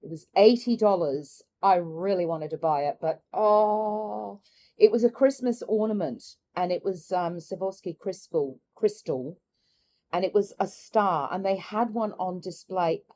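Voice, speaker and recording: A middle-aged woman chatting candidly in a personal vlog, musing aloud and laughing softly between thoughts. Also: medium pitch, unhurried, slight background noise. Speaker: carnivore diet vlogger. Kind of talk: reflective personal vlog chat.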